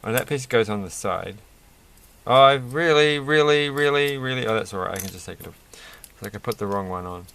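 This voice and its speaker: A man's voice: low voice, steady tone, quick pace, creaky, few pauses, fairly bright tone. A man rambling through a toy build with self-mocking, off-the-cuff commentary, laughing at his own jokes. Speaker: toy reviewer building a set.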